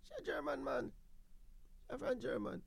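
A man's voice: extremely high pitch, normal speed, gravelly, dry recording. A man with a Jamaican accent hosting a call-in radio show, bantering in patois, laughing often and repeating himself. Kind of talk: casual call-in radio chat.

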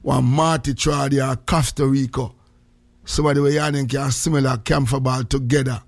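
A man's voice: medium pitch, fairly even intonation, moderate pace, gravelly, breathy edge, no room sound. A man with a Jamaican accent hosting a casual morning radio show, joking in heavy patois and greeting listeners. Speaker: radio host.

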